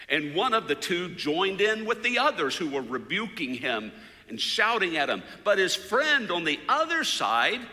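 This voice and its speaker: A man preaching a sermon as a story, his voice climbing loud for shouted quotes and falling soft for prayers. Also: sits high, big pitch swings, moderate pace. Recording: long hall reverb.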